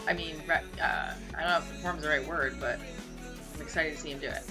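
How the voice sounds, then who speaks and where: A woman's voice: sits low, steady tone, quick pace, music in the background. A young woman rambling casually through a home livestream, chatting and answering comments with the odd swear word. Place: room at home.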